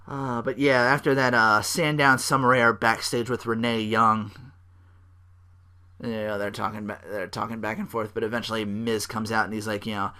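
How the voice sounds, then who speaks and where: A young man hosting a podcast, recapping wrestling in a rambling, casual way, swearing freely and acting out wrestlers' lines in loud bursts. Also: medium pitch, brisk. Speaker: podcast host.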